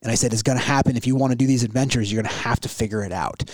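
Fast-talking man telling a story. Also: mid-range voice, dry recording. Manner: rambling, animated retelling with many restarts. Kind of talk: casual storytelling.

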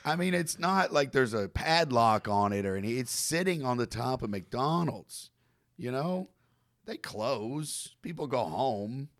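A man's voice: mid-range voice, expressive, unhurried, a bit bright. Man telling a prank story with a laugh. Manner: self-mocking, laughs through his own stories. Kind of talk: casual storytelling chat.

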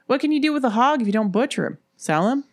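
A woman's voice: a little high, expressive, quick pace, darkish tone, dry recording, clean studio sound, pitched above the performer's own voice. A woman doing a polite young hitchhiker. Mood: eager. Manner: eager, talkative questions. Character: polite young male hitchhiker, half frozen.

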